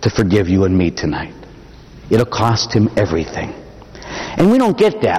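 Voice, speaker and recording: A man, a Catholic priest, preaching a dramatic sermon, swinging between loud emphatic passages and hushed, drawn-out phrases. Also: on the low side, very animated. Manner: dramatic, impassioned preaching with sudden swells to shouting and drops to near-whisper. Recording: long hall reverb.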